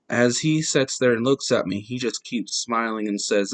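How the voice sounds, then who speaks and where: A man's voice: mid-range voice, normal speed, hardly any pauses, no room sound, low-quality recording. A man hosting a podcast, plainly reading true-story accounts in the first person.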